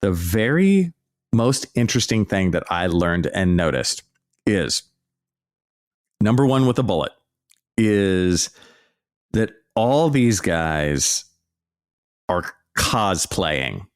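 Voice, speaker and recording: A man hosting a podcast as an archaeology professor, ranting in a sarcastic, mocking, animated way. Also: deep voice, slow pace, pauses often, dry recording, clean studio sound. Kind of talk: casual ranting commentary.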